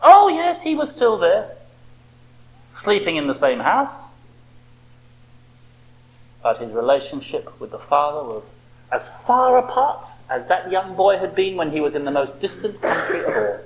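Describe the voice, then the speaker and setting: A man's voice: high-pitched, wildly swooping pitch, moderate pace, rough recording. A man preaching a sermon with impassioned rhetorical questions.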